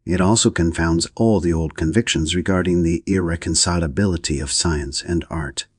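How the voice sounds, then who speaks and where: A dry, ironic intellectual drops his quips, as a man reads him in an audiobook. Very deep, a bit husky, with a dry close sound. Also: moderate pace, no room sound. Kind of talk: audiobook reading.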